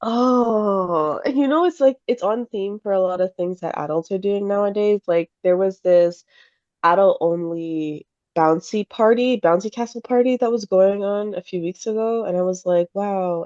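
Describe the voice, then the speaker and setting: A woman co-hosting a casual podcast, a mother who speaks bluntly and breaks into laughter often. Her voice sits at an ordinary middle pitch. The recording is dry and a little dull. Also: normal speed, a little mellow, dry recording. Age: adult parent. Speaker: podcast co-host. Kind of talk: casual chat.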